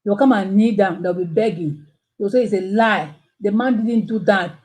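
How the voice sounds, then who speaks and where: A woman hosting a live stream, giving casual commentary in an animated way, full of rhetorical questions and exclamations. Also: medium pitch, moderate pace, poor audio. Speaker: channel host.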